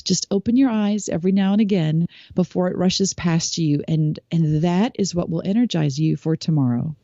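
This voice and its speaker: A woman in her forties, originally from South Africa, speaks as a podcast guest with a warm, mellow voice. She tells her stories in an animated, expressive way, often laughing as she goes. The sound is dry and a little muffled, like a lo-fi recording. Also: fairly low pitch, normal speed, dry recording. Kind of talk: conversational storytelling.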